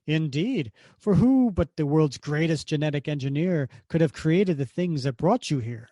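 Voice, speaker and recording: A man's voice: on the high side, animated, normal speed, warm tone, no room sound, studio quality, natural voice. A man reading aloud as a boastful, cruel male mad scientist, gloating and mocking.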